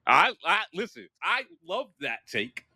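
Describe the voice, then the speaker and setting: A man co-hosting a casual sports talk show, animated and excitable, quick to agree. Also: high voice, no room sound, clean studio sound. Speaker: podcast co-host.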